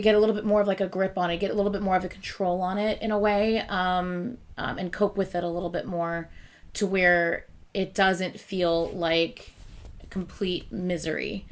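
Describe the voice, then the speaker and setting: Earnest woman reacting with halting speech. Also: mid-range voice. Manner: earnest and emotional, halting with many restarts and fillers. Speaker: reaction video host. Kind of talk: casual reaction commentary.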